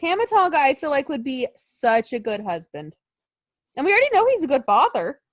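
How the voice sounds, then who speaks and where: A woman's voice: sits high, big pitch swings, a little fast, no echo. A woman co-hosting a podcast in casual chat, gushing and giggly, swearing now and then. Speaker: podcast co-host.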